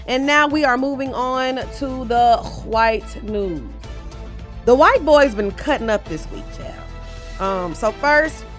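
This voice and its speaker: A woman's voice: mid-range voice, fairly bright tone, smooth. A tipsy woman hosting a casual pop culture gossip show, talking bluntly and sassily to her viewers and swearing freely. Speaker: pop culture commentary host.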